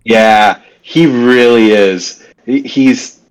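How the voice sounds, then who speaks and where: A man's voice: mid-range voice, drawn-out words, clear, resonant tone, low-quality recording. A man co-hosting a podcast, talking in a laid-back way with many fillers and casual swearing. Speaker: podcast co-host.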